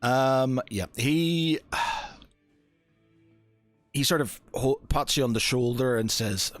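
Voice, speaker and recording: A man's voice: mid-range voice, slow, pauses often, no room sound, faint music behind. A man narrating as game master of a tabletop game, hesitant and full of restarts. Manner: hesitant, many fillers and restarts.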